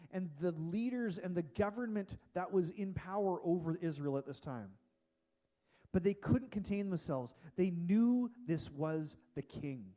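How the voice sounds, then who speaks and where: A man preaching a casual, animated sermon in a church, with frequent restarts. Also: high-pitched. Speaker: pastor.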